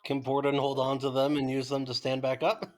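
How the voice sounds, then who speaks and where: A man at a tabletop game table, mid-pitched and casual, chiming in with questions about what his character can do. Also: monotone, fairly quick. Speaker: player.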